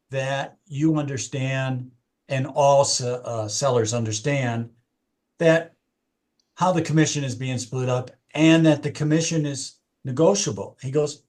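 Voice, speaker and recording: A man's voice: medium pitch, a little mellow. A man who works as a real estate agent, telling his team about a client and acting out both sides of their talk. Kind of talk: casual storytelling in a meeting.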